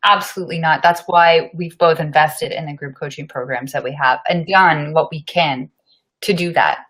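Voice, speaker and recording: A woman's voice: low-pitched, normal speed, a bit bright. A woman co-hosting a casual podcast chat, talking earnestly, affirming her co-host and swearing casually.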